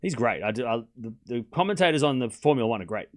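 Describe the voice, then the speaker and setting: A man from Australia, a streamer and tennis coach, chatting casually and reading chat aloud during a live tennis watchalong, with quick bursts of play-by-play. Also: mid-range voice, lively intonation.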